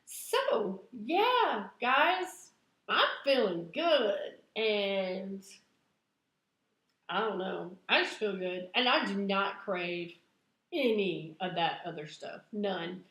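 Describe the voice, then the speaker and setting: A woman, chatting excitedly to camera in a vlog and laughing at herself. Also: medium pitch, slow pace. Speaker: vlogger. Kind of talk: casual chat to camera. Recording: echoey room.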